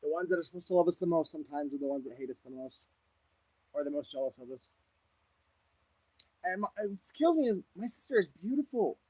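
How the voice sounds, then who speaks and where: A man's voice: fairly high pitch, animated, fairly quick, pauses often, mellow, husky, no room sound, poor audio. A man hosting a casual livestream as a psychic reader, speaking candidly to viewers with frequent laughs and religious conviction.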